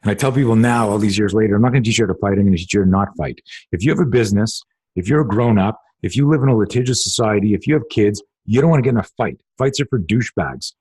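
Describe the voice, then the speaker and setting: A man's voice: on the low side, expressive, rapid-fire, darkish tone, slightly rough. A middle-aged man, a self-defense instructor hosting a podcast, telling a story in casual, profane interview talk and acting out the dialogue.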